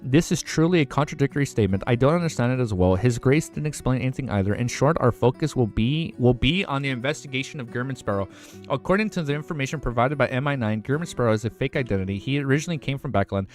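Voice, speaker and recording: A male streamer reading a web novel aloud on a livestream. He stumbles over words and breaks off into excited, profane reactions. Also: medium pitch, quick pace, faint music behind.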